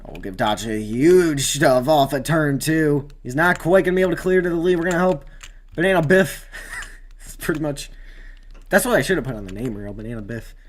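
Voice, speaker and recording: A man's voice: fairly high pitch, lively intonation, fairly quick, slight background noise. A man casually commenting while racing in a video game, rambling with fillers and bursting out at near-crashes. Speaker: gamer doing race commentary.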